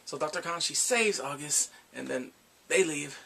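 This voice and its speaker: A man casually recapping drama episodes in a rambling, excitable way, gasping and laughing as he goes. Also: on the high side, moderate pace, vocal fry, husky. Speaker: drama reviewer.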